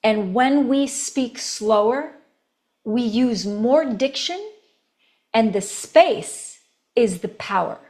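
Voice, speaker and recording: Animated woman voice coach, higher pitch. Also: takes it slowly. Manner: animated, demonstrating each tone with shifts in pitch and volume; laughs often between points. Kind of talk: recorded course lesson.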